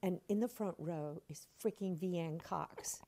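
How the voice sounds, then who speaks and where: Older woman actress chatting in an interview, slightly low voice, animated and laughy. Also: unhurried. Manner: expressive, laughing often, acts out quotes. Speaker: interview guest, stage actress. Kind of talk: animated anecdotal storytelling.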